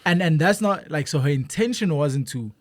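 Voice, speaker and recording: A man's voice: a little high, expressive, moderate pace, dry recording. A South African man co-hosting a podcast, chatting casually and telling stories with many fillers. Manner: laid-back, storytelling, many fillers. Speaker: podcast co-host. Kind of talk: casual chat.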